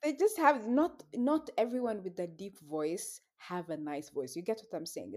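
A young woman chats on a podcast in a middling voice. She teases her co-host playfully and laughs often, keeping the talk relaxed and easy. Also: fairly low pitch, moderate pace. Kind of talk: casual chat.

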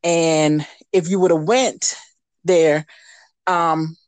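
Woman radio guest, lively candid storyteller, dry close studio mic. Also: sits low, extremely slow, no room sound. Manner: lively, animated, acts out quoted voices.

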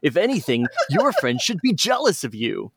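A man's voice: sits high, wildly swooping pitch, normal speed, noisy background, voice pushed up. A man voicing a kind, confident young male hedgehog hero in a storybook reading, in an upbeat, encouraging voice.

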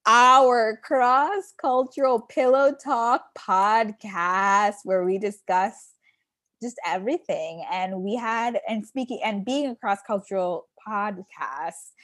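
A woman's voice: mid-range voice, takes it slowly, no echo, studio quality. A young woman co-hosting a podcast, telling a story casually and acting out the people she quotes. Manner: animated storytelling, acts out quotes. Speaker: podcast co-host. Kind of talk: casual chat.

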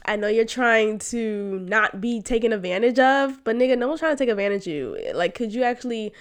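A woman hosting a podcast, telling a personal story in a frank, emotional way, with slang and sudden loud outbursts. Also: on the high side, brisk, clear, resonant tone. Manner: emotional, animated, swings to loud exclamations; frank, uses slang and swearing. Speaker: podcast host.

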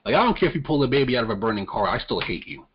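A man in casual podcast talk, blunt and unfiltered, who curses freely and trips over repeated words as he restarts. His voice sits at an ordinary pitch. The recording is slightly dull and muffled. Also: sing-song, racing, breathy edge. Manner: blunt, profane, stammers on restarts. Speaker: podcast co-host. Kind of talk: casual political chat. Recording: muffled lo-fi audio.

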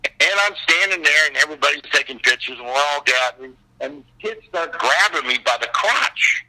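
A man talking as a guest, telling animated stories and acting out other people's voices. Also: fairly high pitch, brisk, poor audio. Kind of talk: animated anecdotal storytelling.

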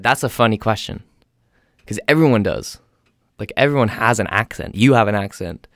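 A young man from England with an English accent softened by years in North America, talking in a casual, rambling, self-deprecating monologue. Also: fairly low pitch, normal speed, dry recording, studio quality.

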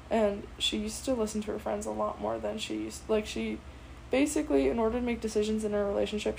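A chatty teenage girl spills a story straight to the camera, bubbly and full of fillers. Her fairly high voice carries a gravelly fry at the ends of phrases. A faint hiss sits under the recording. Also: darkish tone, low-quality recording. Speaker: student telling a personal story.

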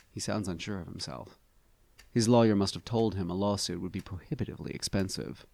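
A man reading a first-person story aloud with a wry, expressive delivery. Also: sits low, fairly quick, gravelly, no room sound. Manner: expressive, wry, animated inflections. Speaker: narrator.

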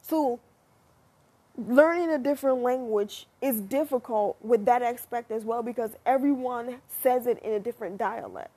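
A young American woman talking casually to her viewers, chatty and animated, swearing freely as she muses. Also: a little high, normal speed. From United States. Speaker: vlogger. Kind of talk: casual monologue to camera.

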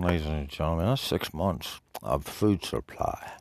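A man's voice: a bass voice, expressive, unhurried, gravelly, a little mellow, dry recording. A man from Detroit hosting a crude, rambling solo radio show, cursing and mock-insulting his listeners as he talks. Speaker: radio host.

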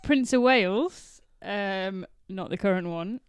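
A woman's voice: mid-range voice, slow pace, clean tone, no echo. A woman from England co-hosting a casual podcast, sharing fun facts with a giggly, enthusiastic manner. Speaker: podcast co-host. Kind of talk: casual chat.

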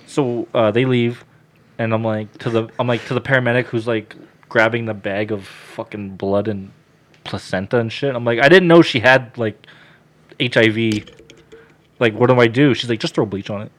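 A man on a casual podcast, telling a story with lots of swearing and loud acted-out quotes. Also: mid-range voice, steady tone, moderate pace.

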